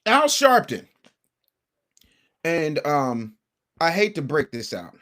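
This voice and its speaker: A man's voice: a little high, wildly swooping pitch, slow, a bit bright. A man hosting a casual livestream commentary show, brash and combative, talking straight to his chat.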